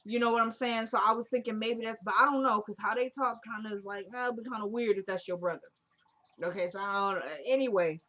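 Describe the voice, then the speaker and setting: A woman's voice: fairly high pitch, fairly even intonation, quick pace, fairly bright tone. Chatty woman rambling through a recap. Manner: rambling, retells scenes with many "he's like" quotes. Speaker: TV episode recap vlogger.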